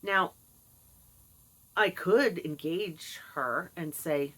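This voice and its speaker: A woman's voice: mid-range voice, lively intonation, unhurried, pushed and bright. A middle-aged woman talking casually to camera, sarcastic and mocking, putting on voices when she quotes people. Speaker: vlogger. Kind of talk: casual monologue.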